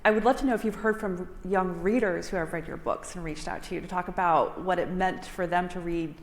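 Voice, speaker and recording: A woman, a museum educator, moderating an onstage conversation, pausing and searching for her words. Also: lowish voice, fairly even intonation. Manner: halting, searching for words, reflective. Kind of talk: onstage interview. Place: large hall with an audience. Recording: roomy echo of a large hall.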